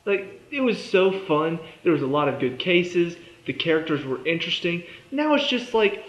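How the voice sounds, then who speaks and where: A man's voice: on the high side, big pitch swings, normal speed, few pauses. A young man giving a casual, exasperated review of a TV episode, sarcastic and fond of mimicking the characters. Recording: echoey room, dull lo-fi sound.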